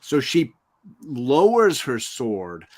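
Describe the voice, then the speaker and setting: A man's voice: medium pitch, wildly swooping pitch, very slow. Enthusiastic male stream host. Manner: enthusiastic, often ends with "right?". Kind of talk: casual comic book discussion.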